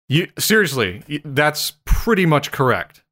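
A man's voice: a little high, big pitch swings, slow, sharp tone. A man hosting a podcast, talking casually and at length, rambling a bit and joking with frequent laughs. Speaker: podcast co-host.

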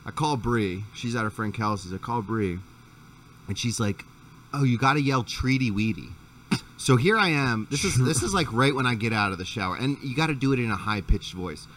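A man's voice: medium pitch, brisk, a bit bright, distant mic. A man hosting a podcast, telling a rambling, profane story in a casual chat. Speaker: podcast host.

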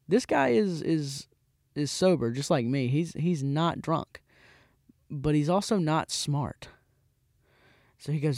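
A man in his twenties, a podcast host, telling a casual rambling story with frequent restarts and animated voices for the people in it. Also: on the high side, takes it slowly, creaky, pauses often, no room sound, clean studio sound. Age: 20s.

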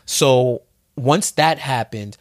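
A man, a podcast guest, telling a story in a casual, animated way with informal slang. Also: medium pitch, slow pace, dry recording, clean studio sound.

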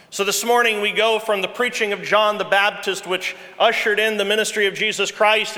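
Earnest pastor with a bright voice. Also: male voice, high-pitched. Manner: earnest, emphatic, repeats key phrases. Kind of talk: sermon. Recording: long reverb from a large hall.

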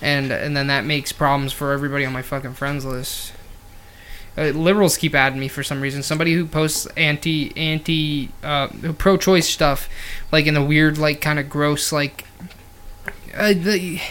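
A man's voice: fairly high pitch, steady tone, normal speed, fairly bright tone, smooth. A man co-hosting a casual podcast, rambling and swearing, often laughing at his own crude jokes. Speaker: podcast co-host. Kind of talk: casual profane podcast chat.

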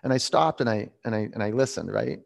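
A man in his forties leading a yoga class, calm and reflective as he tells a personal story between pose cues. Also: lowish voice, fast talker, gravelly. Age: 40s. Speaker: yoga instructor.

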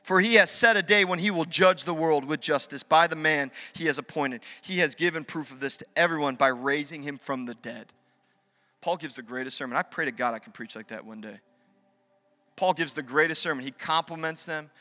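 A man's voice: fairly high pitch, a little fast, bright, forceful tone. A pastor preaching a conversational sermon, acting out dialogue as he goes. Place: church sanctuary. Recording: long reverb from a large hall.

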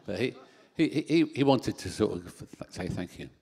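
Animated man preaching a sermon. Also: lowish voice, normal speed, vocal fry, slightly rough. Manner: animated, rising with emphasis, self-deprecating asides. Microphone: handheld microphone.

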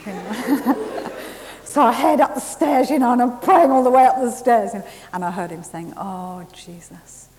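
A woman preaching a sermon, telling a lively story and laughing at herself along the way. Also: fairly high pitch, normal speed. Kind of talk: sermon with testimony. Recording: hissy recording in a reverberant hall.

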